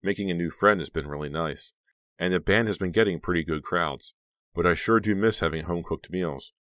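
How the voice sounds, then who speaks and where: A man reading an audiobook, voicing a teenage girl singer in an earnest, lively way with rising intonation. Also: low-pitched, fairly quick, dry recording, clean studio sound. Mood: cheerful.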